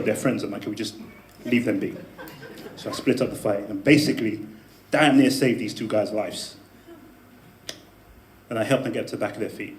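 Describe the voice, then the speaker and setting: A man telling a personal story to a live audience in a debate speech, animated, with laughing asides and emphatic peaks. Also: on the low side, normal speed. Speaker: debate speaker. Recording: echoey room with faint ambience.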